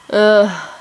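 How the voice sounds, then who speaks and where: A woman writer chatting casually about her writing progress, rambling with plenty of ums and frequent laughs. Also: rough recording. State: out of breath. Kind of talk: casual chat to camera.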